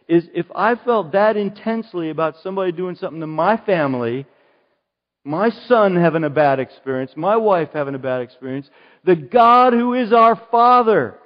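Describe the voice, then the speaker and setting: A middle-aged pastor preaching in a long, echoing hall, his fairly high voice heard through a dull, muffled recording. He tells stories earnestly, swelling into emphatic bursts and then easing down to a hushed, prayerful hush. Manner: earnest storytelling, rising to emphatic outbursts then dropping to soft prayer. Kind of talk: sermon.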